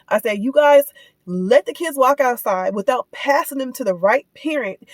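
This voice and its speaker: A woman's voice: a little high, dry recording. A woman telling a personal story in a casual, heated rant, indignant and repeating herself as she retells it. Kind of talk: casual ranting vlog.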